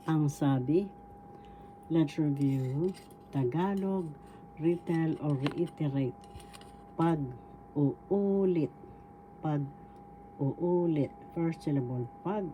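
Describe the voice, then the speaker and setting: A woman with a Filipino accent teaching a language lesson, sounding out words slowly syllable by syllable. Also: low-pitched, mellow, a little hiss or hum. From Philippines. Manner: slow, careful syllable-by-syllable pronunciation. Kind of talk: slow spoken language lesson.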